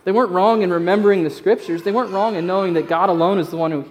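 Male pastor delivering a sermon: casual, emphatic, repeats phrases, slightly raised pitch. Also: fairly even intonation, racing, slight background noise.

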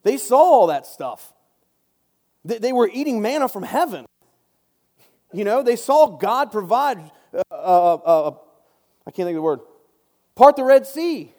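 A man's voice: high-pitched, sing-song, unhurried, long pauses, dark tone. A man giving a casual Bible study talk, chatty and joking, often breaking off into asides. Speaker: Bible teacher. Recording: long reverb.

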